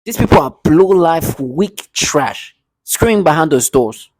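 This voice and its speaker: A man's voice: a little high, animated, measured pace, dry recording. A man delivering an agitated, repetitive rant to camera from his apartment, with bitter laughs. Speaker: vlogger. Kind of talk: angry monologue to camera.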